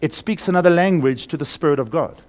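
A man preaching a sermon, swinging between loud emphasis and hushed, slowed lines, asking the congregation questions and having them repeat words. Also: on the high side.

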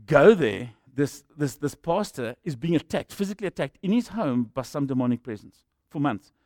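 A man's voice: on the high side, expressive, moderate pace, a little mellow, dry recording, clean studio sound. A man with a South African accent preaching a sermon as a jokey storyteller who acts out the people in his stories.

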